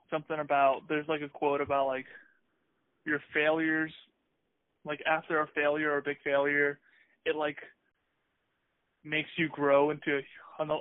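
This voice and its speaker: A man's voice: a little high, no room sound. A man co-hosting a podcast, chatting in a hesitant, upbeat way full of restarts. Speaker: podcast co-host. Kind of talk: casual conversational chat. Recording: tinny phone-like sound, dry.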